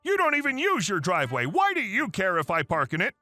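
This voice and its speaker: A man putting on a shrill entitled neighbor woman. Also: wildly swooping pitch, a little fast, sharp tone, faint music behind, exaggerated voice. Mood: screaming. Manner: screeching, shrill.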